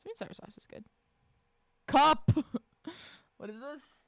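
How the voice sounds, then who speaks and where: A woman streamer chatting casually with her live chat, swearing freely, laughing often and shouting out greetings. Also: high voice, takes it slowly, creaky, no echo, clean studio sound. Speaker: livestreamer reading and answering chat.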